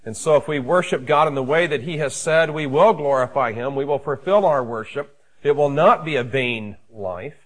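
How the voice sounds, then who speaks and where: A man, a pastor, preaching a sermon in a measured, emphatic way with frequent fillers. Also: medium pitch, a bit bright, poor audio.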